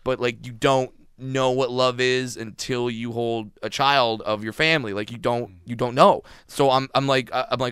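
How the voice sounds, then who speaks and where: A man, a comedian guest, telling stories in a casual interview, animated and laughing, acting out other people's voices. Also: mid-range voice, normal speed, few pauses, clear, resonant tone, dry recording, studio quality.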